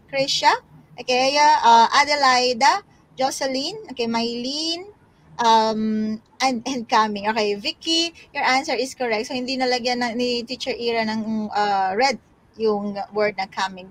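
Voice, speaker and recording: A woman's voice: fairly high pitch, a bit bright. A woman with a Filipino accent, tutoring a live online lesson and reading out learners' names, with many fillers.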